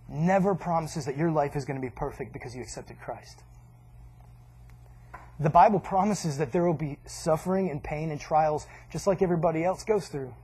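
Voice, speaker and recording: A man gives a casual, conversational sermon in a fairly high voice. His tone is husky, and he jokes along the way and acts out what people say. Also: mellow. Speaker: pastor.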